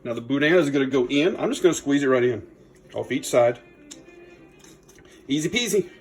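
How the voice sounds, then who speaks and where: A chatty man hosts a home cooking video. His voice sits at an ordinary middle pitch, and he keeps a folksy, upbeat tone. Faint music plays behind him. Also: lively intonation, moderate pace. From Louisiana. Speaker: cooking channel host. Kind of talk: casual cooking demo. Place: home kitchen.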